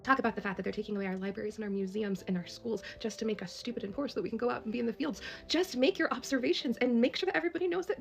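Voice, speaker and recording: A woman's voice: fairly high pitch, creaky. A woman making an impassioned, emotional direct-to-camera plea as a social media creator, laughing through tears.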